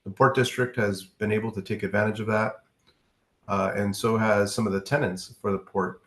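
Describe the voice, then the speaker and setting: A man from a utility company giving a casual presentation in an online community meeting, pausing often with fillers. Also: on the low side, steady tone, a bit bright, echoey room. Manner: casual, hesitant with many fillers. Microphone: video call.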